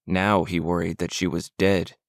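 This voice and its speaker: Audiobook narrator, male, deep gravelly voice, steady and measured. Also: no echo, clean studio sound. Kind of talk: scripted narration.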